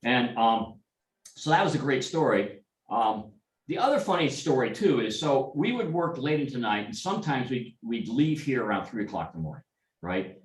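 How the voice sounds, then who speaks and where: A man's voice: mid-range voice, very animated, normal speed. A middle-aged man telling rambling, anecdotal stories at an informal club meeting, with many restarts and asides. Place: meeting room. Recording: echoey room, speaker far from mic.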